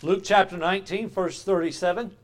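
A man's voice: high-pitched, steady tone, fairly quick. A man preaching a sermon, reading archaic scripture passages and explaining them with emphatic, rising delivery.

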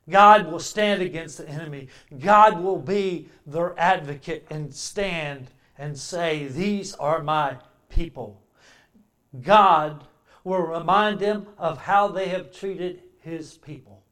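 A man preaching a sermon, swinging between loud emphatic declarations and quiet, reflective passages. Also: on the high side.

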